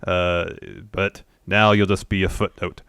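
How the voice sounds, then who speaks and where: A man with a very deep voice co-hosts a casual wrestling recap. He recounts segments in a plain, matter-of-fact way. His sound is dry and close to the mic. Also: little pitch movement, a little slow, a bit bright, smooth, no room sound. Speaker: podcast co-host.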